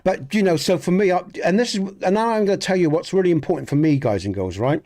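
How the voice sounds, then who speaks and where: Pitched high, animated and a little mellow, this streamer's voice moves at a quick pace. He's an Englishman with a Southwest Dorset accent, chatting earnestly and ramblingly with viewers over a game, often restarting and swearing mildly.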